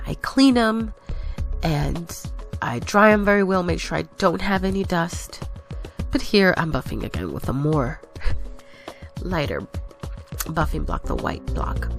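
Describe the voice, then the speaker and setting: A woman with a somewhat low voice talks through her steps in a loose, rambling, self-correcting way, sounding a little out of breath. Her voice-over sits over faint background music. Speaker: nail tutorial vlogger. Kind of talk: casual voice-over narration of a tutorial.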